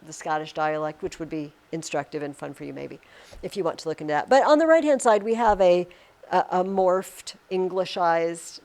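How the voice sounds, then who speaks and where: A woman teacher leading a literature lesson in a classroom, questioning her students. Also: on the low side.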